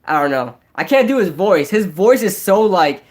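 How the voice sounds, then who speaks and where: Young guy live streaming, nasal high voice, lots of likes and ums, rambles. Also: very animated, normal speed. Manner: rambling, filler-heavy, restarts. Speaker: sports vlogger. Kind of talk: casual live-stream chat.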